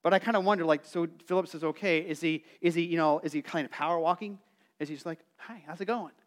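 A middle-aged male pastor preaching a sermon in a conversational, animated way, acting out quotes and calling on the congregation to answer. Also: a little high, fast. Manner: calls for congregation responses.

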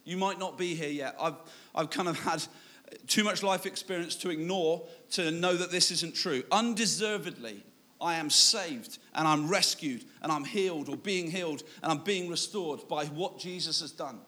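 Bright, high-voiced male preacher. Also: moderate pace. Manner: self-deprecating storytelling, animated, laughing at himself. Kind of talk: sermon with personal story. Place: church.

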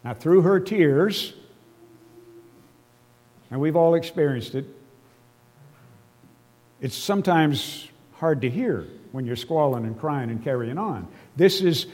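A man's voice: a little high, a little mellow. A man preaching a sermon, explaining scripture earnestly and emotionally, with casual asides to his listeners. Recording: long reverb of a large hall.

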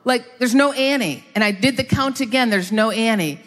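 Animated woman pastor preaching in a reverberant hall. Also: fairly high pitch, faint music behind. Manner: animated, conversational, quick asides to the congregation. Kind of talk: sermon storytelling.

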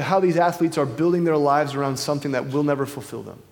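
A man's voice: on the high side, fairly even intonation, fairly quick, a little mellow. A man giving an informal sermon in a casual, conversational way with many fillers and restarts, speaking into a wireless microphone. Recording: long hall reverb.

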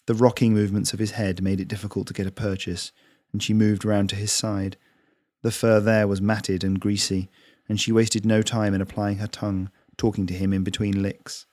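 A man, the author, gently reading his own short story at an unhurried pace. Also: fairly low pitch, little pitch movement, no echo, clean studio sound. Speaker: author and narrator.

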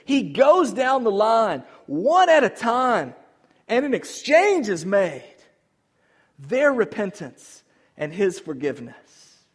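Fervent male preacher with wide swings. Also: high voice. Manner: dynamic preaching, swings from loud emphatic calls to hushed tender lines. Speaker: pastor. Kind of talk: sermon. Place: church sanctuary.

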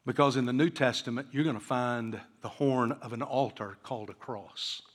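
A man's voice: mid-range voice, steady tone, normal speed. Preaching man in a reverberant church. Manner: preaching, acting out quoted voices. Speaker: pastor. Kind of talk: sermon. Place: church sanctuary.

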